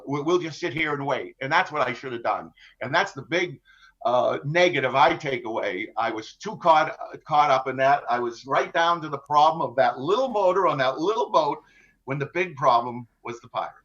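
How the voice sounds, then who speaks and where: An older man, a former ship captain, recounts his story in a podcast interview in a wry, halting way. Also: medium pitch, lively intonation, fairly bright tone, lo-fi sound. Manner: wry, halting, full of restarts and laughs.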